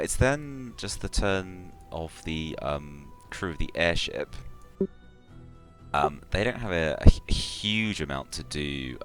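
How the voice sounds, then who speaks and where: Man, very low voice, game master, halting delivery, faint music behind. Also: a bit bright. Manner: hesitant, many fillers and restarts. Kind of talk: narrating a tabletop game live.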